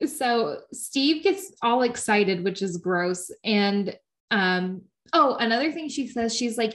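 A woman's voice: mid-range voice, lively intonation, a bit bright. Chatty woman recapping a show. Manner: chatty, quick, laughs often, quotes characters. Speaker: podcast co-host. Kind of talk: casual recap chat.

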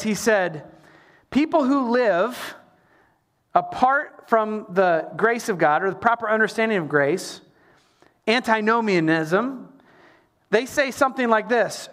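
Male pastor, middle-aged, lively emphatic sermon delivery, swings between loud pushes and quiet asides. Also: sits high. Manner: animated preaching with sung lines and emphatic repetition.

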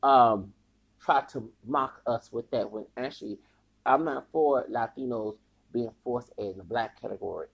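A man's voice: mid-range voice, a little slow, vocal fry, breathy edge, dull audio. A man hosting a podcast, giving heated, rambling commentary with frequent stumbles and repeated words. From United States. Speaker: podcast host. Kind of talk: ranting commentary.

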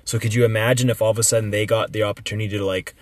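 A man's voice: fairly low pitch, little pitch movement, rapid-fire, no echo. A young man in casual podcast chat, talking with emphasis, swearing freely and using lots of fillers. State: recovering from illness.

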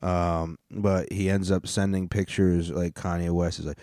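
A man with a lowish, mellow voice rants through a casual comedy podcast, cursing freely and rambling from one thought to the next. He is recorded close and dry. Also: flat delivery, unhurried, dry recording. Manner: profane, rambling, with frequent restarts. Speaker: podcast host.

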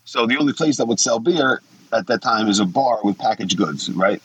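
Here a man in his forties appears as a guest, recounting stories casually and bluntly, with plenty of swearing and acted-out quotes. His voice is on the low side, a bit bright and slightly rough, and he talks a little fast. The highs are cut off in the recording.

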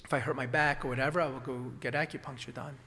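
A man's voice: medium pitch, fairly even intonation, fast, sharp tone, big-room sound. A man telling his story in a casual conversation, rambling with lots of restarts and fillers. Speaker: acupuncturist guest.

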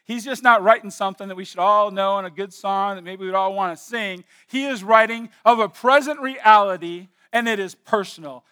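A man preaching a sermon from a church stage, moving between hushed, slow emphasis and loud declarations, repeating key words deliberately. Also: sits high, clear, resonant tone. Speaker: pastor.

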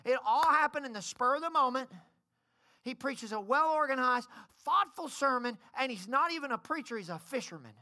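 High, bright-voiced woman preaching with fervor. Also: expressive, normal speed. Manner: impassioned and pleading, rising to shouts. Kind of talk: sermon. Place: church service.

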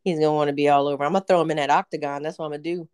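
Low-voiced playful young woman. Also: fairly even intonation, rapid-fire, a little mellow, clear, resonant tone. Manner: playful, laughing, easygoing. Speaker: podcast co-host. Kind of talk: casual chat.

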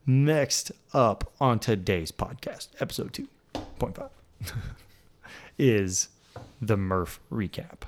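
Low-voiced man hosting a casual podcast. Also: animated, slow pace, long pauses. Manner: playful, teasing, laughs often. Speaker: podcast host. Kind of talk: casual chat.

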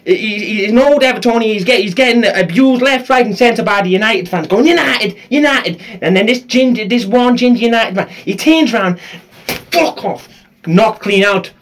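High-pitched male podcast host, animated comic storyteller who laughs through his tales. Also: a little fast, few pauses.

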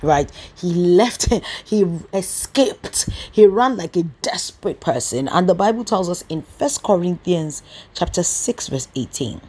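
A woman's voice: lowish voice, animated, measured pace, a little mellow, husky. A woman teaching a Bible study, emphatic and fond of rhetorical questions, stressing key words with sudden bursts.

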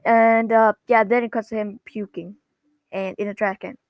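A woman casually recapping a cartoon episode, rambling and halting, often correcting herself mid-sentence. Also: mid-range voice, steady tone, dry recording.

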